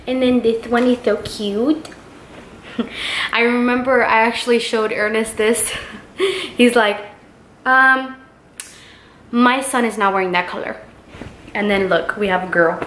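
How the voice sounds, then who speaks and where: In a roomy home recording with faint background noise, a young woman vlogs a baby haul, casually chatting and gushing over the clothes with plenty of fillers. Her voice is medium-pitched and a bit bright.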